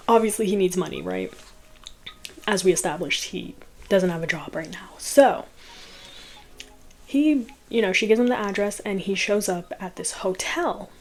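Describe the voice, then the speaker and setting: A woman's voice: medium pitch, very animated, a little slow, pauses often. A woman chatting casually as she recaps a movie, laughing often and peppering it with "like.".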